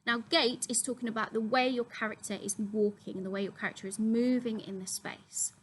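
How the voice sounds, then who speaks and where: A woman's voice: fairly high pitch, steady tone, brisk, a little hiss or hum, rough recording. A young woman, a drama teacher, steadily explaining acting terms to her students with frequent ums. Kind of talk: classroom explainer video.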